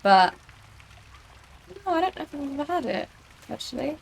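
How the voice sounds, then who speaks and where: A woman's voice: high voice, sing-song, normal speed, gravelly. A young British woman streaming a game, chatting casually and rambling with lots of fillers. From United Kingdom. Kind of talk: casual gaming chat.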